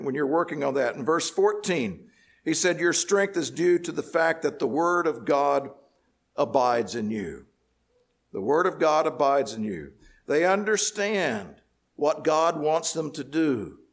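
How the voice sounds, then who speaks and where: A man preaching a sermon, explaining scripture in a measured teaching tone. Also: on the high side, vocal fry.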